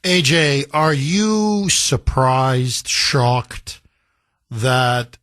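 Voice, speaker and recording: A man's voice: medium pitch, fairly even intonation, very slow, fairly bright tone, no echo, clean studio sound. A man hosting a political talk radio show, speaking emphatically and firing off rhetorical questions. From United States.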